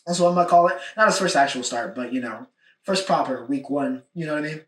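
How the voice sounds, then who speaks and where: Speaking fast, a young man runs through a sports recap alone on his podcast, casual and insistent, looping back to stress points and tacking on "all right?" His pitch is a touch high with a fairly bright tone, and he's heard from afar in an echoing room.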